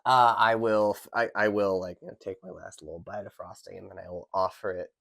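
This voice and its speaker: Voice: sits low, little pitch movement, a little fast, creaky, a bit bright. A player describing their raccoon's actions in a tabletop game, laughing often. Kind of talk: in-character tabletop play.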